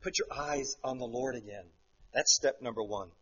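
A man preaching a sermon, swinging between hushed, quiet stretches and loud, fervent passages. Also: medium pitch, very animated, fairly quick, breathy edge, dull audio.

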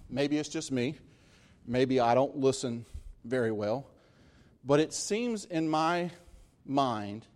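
A man preaching a sermon, emphatic, rising to loud peaks and dropping to slow, quiet stresses. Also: medium pitch. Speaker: pastor.

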